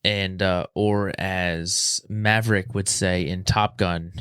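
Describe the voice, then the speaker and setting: Low-voiced man telling a story. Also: slow, smooth, no echo, clean studio sound. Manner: animated, acts out quoted voices. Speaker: podcast guest. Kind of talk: casual storytelling.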